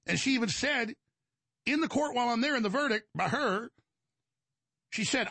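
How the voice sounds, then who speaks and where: A man's voice: extremely high pitch, lively intonation, normal speed, creaky, long pauses, bright, forceful tone, husky, no echo. A male show host in an agitated, emphatic monologue, rambling and restarting his sentences. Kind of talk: heated monologue.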